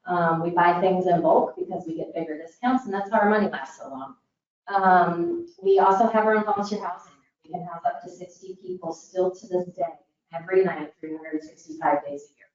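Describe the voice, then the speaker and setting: A woman's voice: fairly low pitch, lively intonation, brisk, darkish tone. Earnest Indiana woman in an echoey hall. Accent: Northern US (Indiana). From Northern Indiana, US. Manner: earnest, many "um" fillers. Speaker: disaster recovery organization presenter. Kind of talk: public forum presentation. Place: large meeting room. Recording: echoey hall, distant, dull mic.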